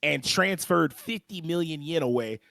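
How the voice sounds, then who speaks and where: A young man on a podcast walks his co-hosts through an anime plot in loose, slangy storytelling, pausing often to clear his throat. His voice sits a touch higher than most men's. The close mic sounds dry, with no room echo. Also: a bit bright. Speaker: podcast co-host. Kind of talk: casual anime recap chat.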